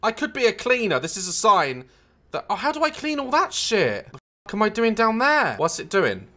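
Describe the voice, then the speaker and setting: A man's voice: sits high, huge pitch swings, a little fast, pushed and bright. A man giving comedic gameplay commentary, frantic and swearing constantly, yelping and cackling as things go wrong. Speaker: gaming YouTuber.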